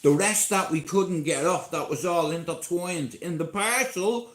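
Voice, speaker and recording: Dublin male streamer, fairly high voice, slow profane storyteller, roomy echo. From Ireland. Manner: profane, chatty, keeps checking in with listeners. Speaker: live streamer. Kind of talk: rambling live-stream storytelling. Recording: echoey room.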